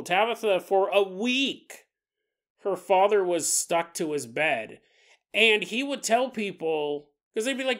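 A man's voice: sits high, expressive, normal speed, fairly bright tone. A man hosting a paranormal podcast, retelling a story casually with joking asides and laughter. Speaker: podcast host.

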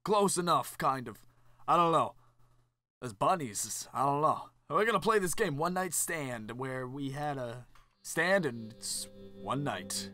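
A man joking through gameplay commentary, reading the game's lines aloud and jumping between loud outbursts and mumbled asides. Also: fairly high pitch, expressive, over music. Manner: goofy, jokey, quick swings from loud to mumbled. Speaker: let's play commentator.

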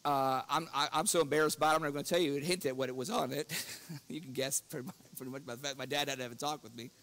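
A man's voice: fairly even intonation, fast, a bit bright. A man preaching an evening church lesson, earnest, reading scripture with rising force and chuckling through personal stories. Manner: earnest, rises in pitch and force when quoting scripture; breaks into chuckles while telling stories.

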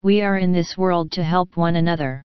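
Storybook: grateful kindly dog, read by a woman, gentle and measured, low-ish clear tone. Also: fairly even intonation, no echo, muffled recording, close to an everyday voice.

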